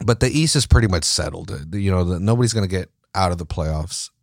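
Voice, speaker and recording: A man's voice: low voice, expressive, a little fast, gravelly, no room sound, studio quality. A man hosting a soccer podcast, ranting casually with lots of swearing and false starts. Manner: profane, ranting, with many restarts. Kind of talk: casual sports talk.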